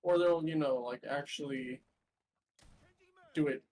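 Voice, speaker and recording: A man's voice: on the high side, a little slow, a little mellow, a little hiss or hum, poor audio. A man playing an online game with friends, making laid-back remarks about strategy. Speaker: teammate in a game. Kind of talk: casual chat while gaming.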